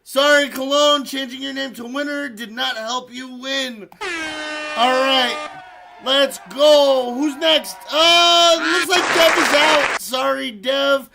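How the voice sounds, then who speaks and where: A man with a very high voice speaks slowly, with vocal fry, while hosting a live stream. He laughs a lot as he playfully announces players leaving a game, over loud crowd noise.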